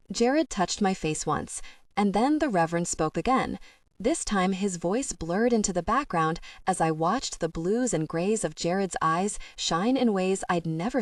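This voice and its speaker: A woman reading a first-person romance audiobook, telling the story in a gentle, even way on a close microphone. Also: on the low side, no echo. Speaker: audiobook narrator.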